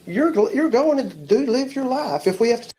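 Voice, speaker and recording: A man with a Southern US accent, a police officer questioning a suspect in a calm, reassuring, repetitive way. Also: extremely high pitch, normal speed, a little hiss or hum, poor audio. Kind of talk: calm interrogation.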